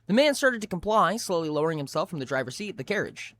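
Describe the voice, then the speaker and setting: A man's voice: high voice, sing-song, quick pace, a bit bright, a little hiss or hum. A man streaming live, reading a story aloud expressively with frequent restarts.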